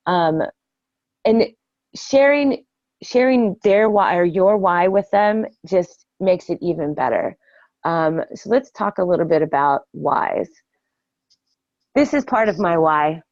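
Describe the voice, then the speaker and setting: An older woman giving an earnest, casual training talk on network marketing, often pausing with ums and restarting her sentences. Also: lowish voice, lively intonation, darkish tone, dry recording. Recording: dull lo-fi dry sound.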